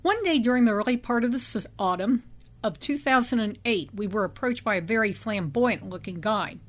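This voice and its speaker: A woman narrating a first-person memoir audiobook in a steady, measured reading voice. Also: on the high side.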